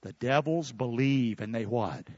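A man preaching a sermon, calling on his congregation to answer back and bursting out loudly before drawing words out for emphasis. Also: mid-range voice, no echo, lo-fi sound. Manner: preaching with sudden loud bursts and drawn-out emphasis. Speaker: pastor. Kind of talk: fiery sermon with call-and-response.

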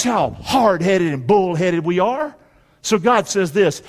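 A man's voice: sits high, animated, slow pace. A man preaching a sermon, leading the congregation in call-and-response and reading scripture aloud. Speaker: pastor. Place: church sanctuary. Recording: long hall reverb.

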